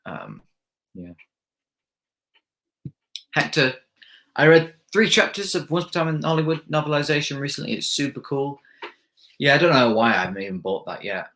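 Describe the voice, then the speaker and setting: A man's voice: on the high side, big pitch swings, moderate pace, long pauses, pushed and bright. A young man hosting a live stream, reading viewer comments aloud and rambling casually with lots of fillers and restarts.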